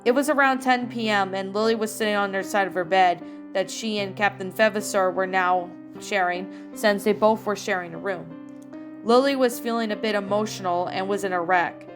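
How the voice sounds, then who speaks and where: A woman reading her own fan fiction aloud, steady with small self-corrections. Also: medium pitch, normal speed. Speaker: fan fiction author and reader. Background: faint music.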